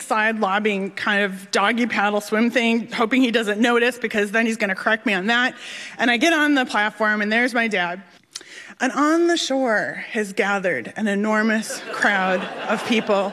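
Animated woman telling a story in a hall. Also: fairly high pitch. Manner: animated, self-deprecating comic delivery. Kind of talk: live personal storytelling. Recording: reverberant hall.

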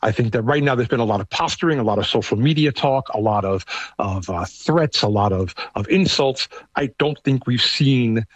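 Man, middle-aged, thick New York accent, husky voice, conversational with restarts, dry sound. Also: medium pitch, moderate pace, no echo. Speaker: guest, American living in Canada. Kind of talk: casual discussion.

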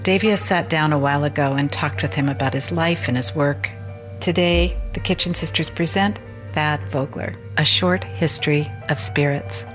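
A woman's voice: low voice, normal speed. A woman host reading a polished, scripted introduction to a radio segment. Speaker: show host and narrator. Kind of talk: scripted narration. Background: music.

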